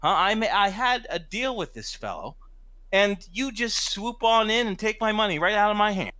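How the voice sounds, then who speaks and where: A man's voice: sits high, animated, moderate pace, pushed and bright, dry recording, pitched above the performer's own voice. A man voicing a hot-headed, puffed-up working-class man, brash and confrontational. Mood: indignant. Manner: brash, confrontational, street-tough.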